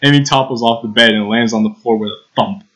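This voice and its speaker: A man's voice: mid-range voice, quick pace, a bit bright, low-quality recording. A young man hosting a let's play, reading visual novel text aloud with casual, giggly asides.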